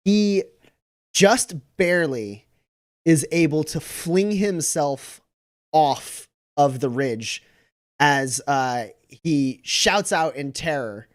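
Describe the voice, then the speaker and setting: A man's voice: fairly high pitch, slow pace. A man narrating a tabletop role-playing game as game master, rambling through scenes with many fillers.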